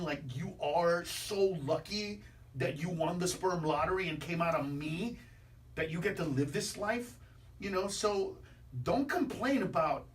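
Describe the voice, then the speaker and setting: A man as a comedian guest on a radio show, riffing in a stand-up style with brash, ranting punchlines and sudden shouts. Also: on the high side, recorded from a distance, slight background noise. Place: radio studio.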